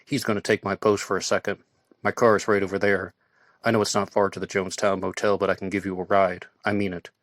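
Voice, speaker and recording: A man reading the part of a tall police officer who gives firm instructions and sometimes confides in a hush, in an audiobook. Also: sits low, flat delivery, fast, no echo, clean studio sound. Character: tall male police officer, stern but concerned.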